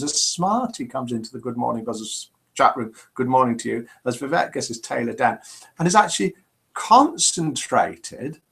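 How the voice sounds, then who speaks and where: A man's voice: on the high side, a bit bright. A middle-aged man hosting a casual live chat show, reading out viewer comments and joking with them. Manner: chatty, jokey, reads out viewer comments and answers them.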